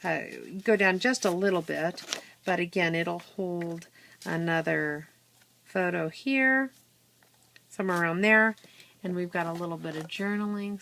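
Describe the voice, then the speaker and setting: A woman giving a casual, unhurried walkthrough of a handmade scrapbook album, with many fillers and restarts, filmed on a phone at home. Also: fairly low pitch, vocal fry, fairly bright tone. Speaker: crafter showing her scrapbook album. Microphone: handheld phone camera. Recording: faint room noise, phone capture.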